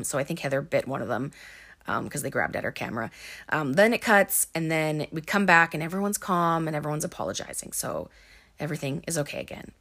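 A woman's voice: deep voice, animated, normal speed, a bit bright. A woman casually recapping a film, talking with lots of fillers. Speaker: movie recap host.

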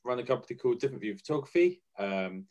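A man giving a friendly self-introduction as a photographer on a video call, with warm shout-outs and halting restarts. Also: mid-range voice, animated, highs cut off.

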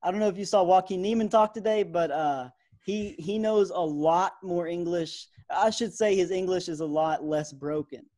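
A young man in his twenties co-hosting a podcast, chatting in a relaxed way with lots of fillers. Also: sits high, moderate pace. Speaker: podcast co-host. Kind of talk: casual sports podcast chat.

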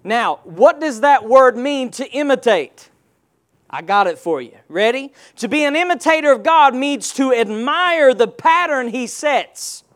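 Man, pastor, sermon, very high voice, call-and-response, rhetorical questions. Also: animated, unhurried, fairly bright tone, clear, resonant tone.

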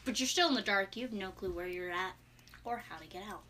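A woman narrating a tabletop game as game master. She animates the scenes and drops low for suspense. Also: fast talker, heavy background noise.

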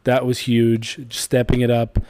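A man's voice: mid-range voice, monotone, a little slow, a little mellow, dry recording. A man in his thirties co-hosting a casual chat, blunt and laid-back, swearing freely as he tells family stories. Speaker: podcast co-host.

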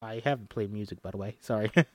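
With a fairly low voice and a fast pace, a man does a solo table read of a film script. He reads the stage directions aloud and animatedly voices all the parts himself, recorded in studio quality with no echo.

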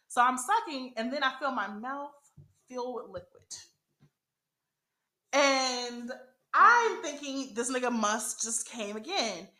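A young adult woman hosting a podcast, telling a profane story in casual chat, animated and laughing often. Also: sits high, slow pace, echoey room. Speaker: podcast host.

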